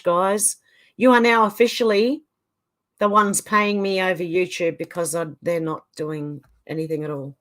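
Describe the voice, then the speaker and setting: An Australian woman hosts a casual livestream, reading out each viewer's name and comment one after another. Her voice sits a little low for a woman. Her delivery is chatty and easygoing. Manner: casual, chatty, reads names and comments in turn. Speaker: livestream host. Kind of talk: reading live chat comments aloud.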